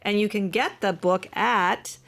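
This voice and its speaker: A woman's voice: medium pitch, unhurried, gravelly, fairly bright tone. A woman, the host, wrapping up a podcast interview and thanking the guest. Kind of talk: closing the show.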